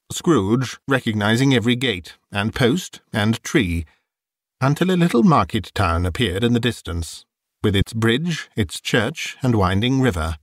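A male audiobook narrator with a fairly low voice reads a classic novel from a script, slowly and expressively. His storytelling is measured, and the studio sound is clean with no echo.

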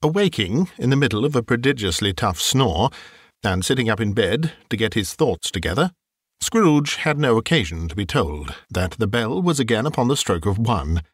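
Expressive male audiobook narrator. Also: lowish voice, slightly rough, no room sound, clean studio sound. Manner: expressive, measured storytelling. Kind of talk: scripted narration of a classic novel.

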